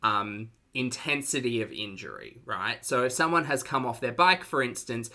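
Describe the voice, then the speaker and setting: Sarcastic Australian man, bright voice. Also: mid-range voice, lively intonation, moderate pace. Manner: sarcastic, chatty, reads out chat messages. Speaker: streamer reacting to a video. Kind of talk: live-stream reaction commentary.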